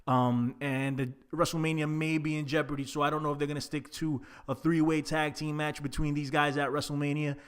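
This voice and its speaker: A man's voice: fairly high pitch, level tone, fairly quick, few pauses, clear, resonant tone. A man casually reviewing a wrestling show, chatty and laid-back with plenty of fillers. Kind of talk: casual solo recap.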